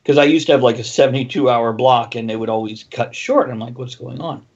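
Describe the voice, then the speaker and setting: A man hosting a casual livestream chat, jokey and quick, laughing often. His recording is dull and lo-fi. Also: mid-range voice, a little mellow. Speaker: host.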